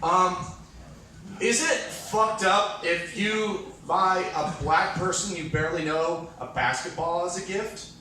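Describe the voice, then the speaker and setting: A man's voice: high voice, slow pace, sharp tone, a little hiss or hum. A man in his thirties doing a self-mocking stand-up comedy set on a hotel comedy stage. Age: 30s. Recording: echoey room from far off, faint ambience.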